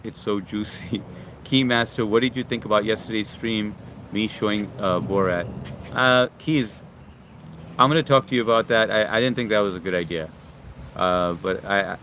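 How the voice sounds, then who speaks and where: A man from Long Island, hosting a casual livestream outdoors in the sun, reading viewer comments and greeting them by name in a relaxed, friendly way. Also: on the low side, a little hiss or hum. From Long Island, New York. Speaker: livestream host.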